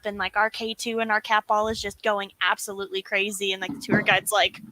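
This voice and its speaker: A woman's voice: mid-range voice, flat delivery, a little fast, hardly any pauses, bright, forceful tone, rough recording. A woman guest telling ghost-hunting stories in a chatty way with many fillers. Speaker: guest paranormal investigator. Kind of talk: casual chat.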